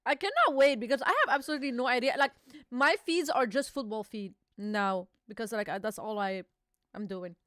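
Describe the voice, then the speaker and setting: A woman's voice: a little high, a little fast, a bit bright, no room sound, clean studio sound. A young woman hosting a casual live reaction stream, chatty and swearing as she reads the comic aloud. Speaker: streamer host.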